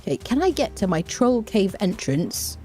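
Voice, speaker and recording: A woman's voice: medium pitch, very animated, moderate pace, mellow, faint music behind. Jumpy, jokey woman gaming. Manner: jittery, jokey, often shrieking in fright. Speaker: streamer. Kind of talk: live gameplay commentary.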